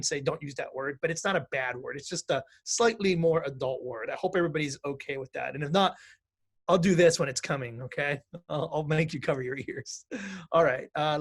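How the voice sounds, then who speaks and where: A man's voice: on the high side, fairly bright tone. A middle-aged man teaching an online mindfulness lesson for musicians, chatty and self-correcting, laughing easily, over a video call.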